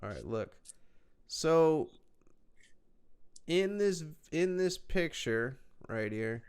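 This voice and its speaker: A man's voice: a little high, very animated, very slow, a little mellow, clear, resonant tone. A man hosting a podcast in a loose, casual chat, cursing freely as he reacts. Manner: loose, profane and laid-back, swears constantly. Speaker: podcast host.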